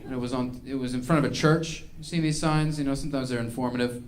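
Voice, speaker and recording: A man's voice: medium pitch, steady tone, quick pace, a little hiss or hum. A male stand-up comedian performing a set on stage, ranting in a mock-angry way.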